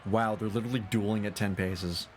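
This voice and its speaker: Wry streamer man with a lowish voice. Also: fairly even intonation, fairly quick, a little hiss or hum. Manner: wry, swears casually. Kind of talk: casual game commentary.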